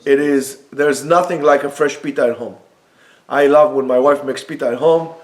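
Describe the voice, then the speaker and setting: A man teaching a Torah class in a yeshiva study room, lively and acting out the dialogue of the text while mixing in Hebrew quotes and explaining them. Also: mid-range voice, normal speed.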